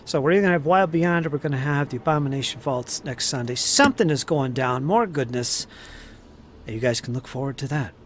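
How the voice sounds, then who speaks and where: A man running a tabletop game, wrapping up the session in a relaxed, joking way while tired from no sleep. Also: medium pitch, fairly quick, a little hiss or hum. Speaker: game master. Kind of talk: post-session wrap-up chat.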